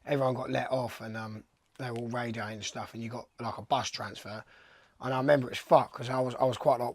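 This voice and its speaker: Young male skater, mid-pitched, dry close sound, rambling and foul-mouthed storyteller. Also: fairly even intonation, quick pace, dry recording. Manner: swears freely, rambling anecdotes. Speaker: professional skateboarder. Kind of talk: casual storytelling interview.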